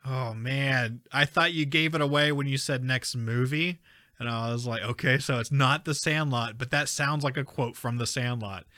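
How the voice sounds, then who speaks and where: A man's voice: mid-range voice, normal speed, bright, forceful tone, no echo, clean studio sound. A man playing a movie quote guessing game, thinking aloud and laughing easily. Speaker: contestant. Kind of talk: casual podcast game.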